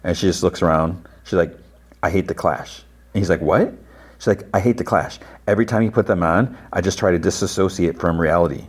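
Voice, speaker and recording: A man hosting a podcast, casually retelling a TV episode scene by scene and quoting the characters in a raised voice. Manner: retells scenes with quick quoted lines, pitching up for characters. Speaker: podcast host.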